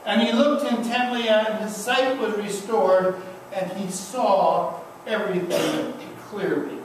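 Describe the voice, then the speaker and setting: A middle-aged male pastor preaches with a notably high voice, taking his time and leaning on repeated refrains. He is recorded from well back in a church, so his voice rings through a very echoey room. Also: slow, far from the mic, slight background noise. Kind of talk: sermon. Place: church sanctuary.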